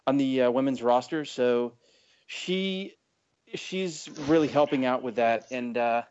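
A man co-hosting a wrestling podcast, reviewing a match in a halting, easygoing way with many fillers. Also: medium pitch, darkish tone, smooth. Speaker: podcast co-host. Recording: dull, lo-fi audio.

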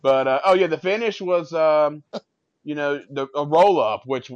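A man's voice: fairly high pitch, moderate pace, no echo. Tired man teasing his co-hosts. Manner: teasing, asks co-hosts questions. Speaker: podcast co-host. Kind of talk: casual wrestling chat. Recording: dry, dull lo-fi recording.

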